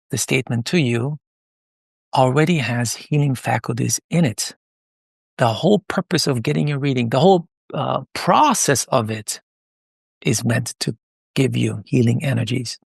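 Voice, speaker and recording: A middle-aged man from Iran speaks as a podcast guest, his voice gravelly and rough at the edges. He tells stories in a lively, halting way, full of fillers and restarts, at a mid pitch. The sound is dry and close, with no room echo. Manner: animated, hesitant with many fillers and restarts. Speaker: podcast guest, palm leaf reading moderator. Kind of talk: conversational interview storytelling.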